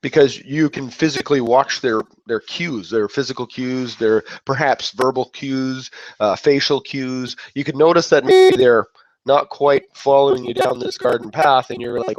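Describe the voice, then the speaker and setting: A man's voice: medium pitch, very animated, normal speed, no room sound. A man giving a casual motivational talk, rambling and breaking off mid-thought, acting out other people's reactions. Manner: rambling, self-interrupting, acts out quoted reactions. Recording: dull lo-fi dry sound.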